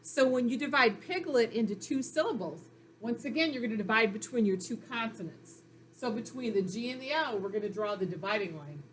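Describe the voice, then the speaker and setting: A woman teaches young children phonics in a recorded reading lesson, sounding out letters and syllables patiently and encouragingly. Her voice is on the high side, expressive, and fairly quick, with a little hiss or hum.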